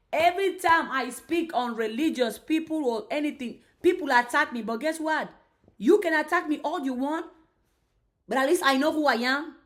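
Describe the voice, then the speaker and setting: A woman giving an emphatic motivational faith talk on a live stream, repeating herself and restarting lines as she goes. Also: high-pitched. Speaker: faith and mindset creator.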